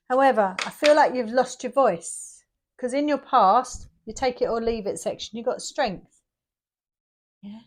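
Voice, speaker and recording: A middle-aged woman giving a casual tarot reading, chatty and emphatic, repeating herself for effect. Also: fairly high pitch. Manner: chatty, emphatic and repetitive, with bursts of energy. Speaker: tarot reader.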